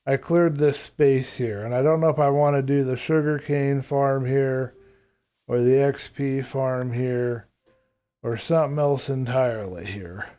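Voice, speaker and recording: A man streaming a game live, talking to his viewers in a loose, rambling way as he plans. His voice is mellow and warm, sitting at an ordinary middle pitch. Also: fairly even intonation, measured pace. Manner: thinks aloud while planning; rambling, casual. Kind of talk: live gameplay commentary.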